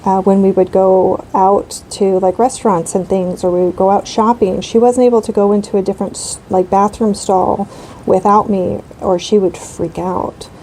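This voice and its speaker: A coloring channel host in her thirties chats casually while she colors, rambling with lots of fillers. Her mid-range voice has a steady, dark tone at normal speed. The low-quality recording carries slight background noise.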